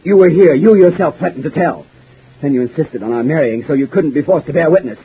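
An actor playing a frightened, guilt-ridden husband in an old-time radio soap, pleading in anguish. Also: male voice, on the high side, animated, fairly quick. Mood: desperate. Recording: husky lo-fi old radio broadcast.

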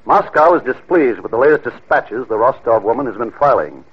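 An actor playing a cold, threatening communist cell leader in a 1950s radio drama, clipped and smooth. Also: male voice, medium pitch, expressive, fairly quick. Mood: menacing. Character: cold menacing male communist boss. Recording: dull lo-fi old radio recording.

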